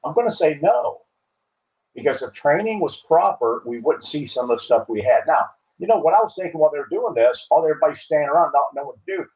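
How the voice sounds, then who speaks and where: A man's voice: on the high side, expressive, fast, darkish tone, muffled recording. A man, a police captain and trainer, talking in casual panel chat with folksy, wry, blunt remarks and many fillers.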